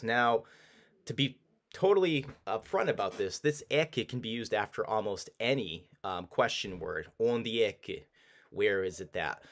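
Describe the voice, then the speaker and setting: A man teaching a casual language lesson, explaining with relaxed restarts and repeating example phrases slowly. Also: medium pitch.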